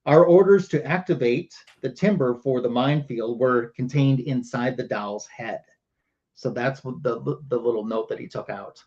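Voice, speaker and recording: A man at a middle pitch talks through a comic book story for his livestream audience. He speaks loosely and conversationally, with many ums and uhs. The audio sounds a little dull and lo-fi. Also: moderate pace, darkish tone. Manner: casual storytelling with many fillers. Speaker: show host.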